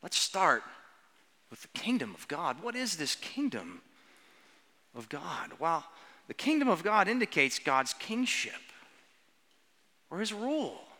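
A pastor with a fairly high, bright voice gives an earnest sermon. He stretches out key words and asks questions of the children. His voice rings through a church with a long reverb. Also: huge pitch swings, slow, pauses often. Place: church sanctuary.

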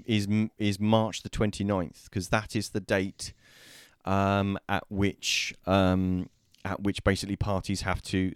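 A man hosting a casual discussion show over a remote call, talking with many pauses, fillers and restarts. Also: sits low, smooth, no room sound, studio quality. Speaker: host.

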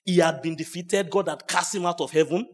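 A pastor preaching at a church service, his voice sitting fairly high for a man. He swings from quiet, dropped asides to loud, ringing shouts. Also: fairly quick. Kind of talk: sermon.

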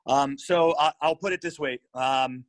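A man's voice: medium pitch, unhurried, no room sound. A man, a fight coach, answering a panel question thoughtfully and explaining his ideas step by step.

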